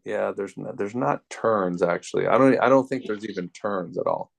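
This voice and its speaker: Guy tutoring math on a call, low and kinda gravelly, laid back. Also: moderate pace. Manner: relaxed, explains step by step. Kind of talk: casual tutoring session.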